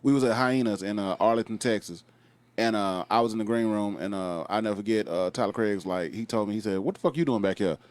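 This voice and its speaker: A man's voice: on the low side, fairly even intonation, a little fast, clean tone. A man hosting a casual interview and telling his own comedy stories in laid-back talk. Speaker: podcast host, comedian.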